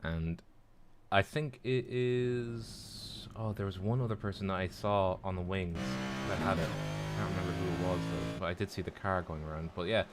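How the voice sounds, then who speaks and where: A man's voice: sits low, moderate pace, music in the background. A man commentating on a sim race in casual chat, rambling with playful asides.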